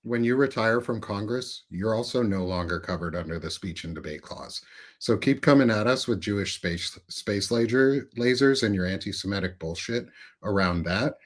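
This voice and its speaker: A man's voice: on the low side, normal speed. A man talking politics as a guest, blunt, emphatic and profane. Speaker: guest commentator. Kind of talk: casual political chat.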